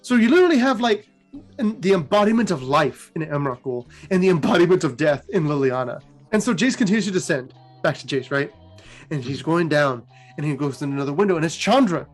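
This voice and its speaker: High-voiced man retelling lore. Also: fairly quick, soft background music. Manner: animated storytelling. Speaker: host.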